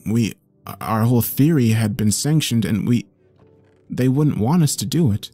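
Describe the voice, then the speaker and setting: A man's voice: medium pitch, expressive, normal speed, warm tone, dry recording, faint music behind. Man narrating a tense story. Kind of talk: first-person story narration.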